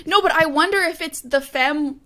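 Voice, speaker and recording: A woman's voice: high voice, normal speed, over a noisy crowd. A woman co-hosting a podcast in casual, teasing chat, laughing often. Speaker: podcast co-host.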